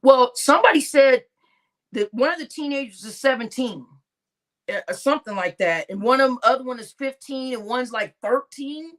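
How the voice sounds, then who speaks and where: A woman doing casual live-stream commentary, animated and exasperated, stammering through restarts and talking to her chat. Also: sits high, normal speed.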